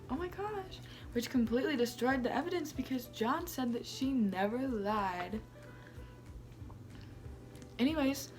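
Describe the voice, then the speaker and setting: A woman's voice: a little high, close to an everyday voice. A self-centered young Salem woman , as acted by a woman, chatters to her camera like a teen vlogger. She rambles with constant "like" and gasps of "oh my gosh". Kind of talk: amateur vlog-style role-play.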